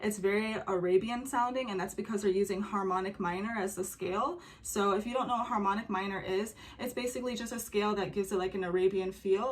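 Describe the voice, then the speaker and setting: A woman's voice: medium pitch, quick pace, few pauses. A young woman talking casually about a song's music, with many fillers and humming or singing short examples. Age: young adult. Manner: chatty, many fillers, hums and sings examples. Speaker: music commentator reacting to a song.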